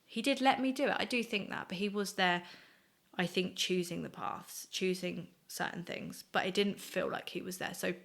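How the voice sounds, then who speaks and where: Earnest young woman, gravelly fry. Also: fairly low pitch, fairly bright tone. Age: 20s. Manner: earnest, reflective, halting. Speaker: guest sharing her faith story. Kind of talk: personal faith testimony.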